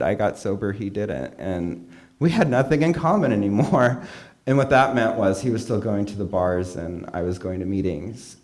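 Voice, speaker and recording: A man's voice: lowish voice, darkish tone. A young man from California giving a candid, self-mocking personal talk at a meeting, full of fillers and asides. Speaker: meeting speaker. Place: meeting hall.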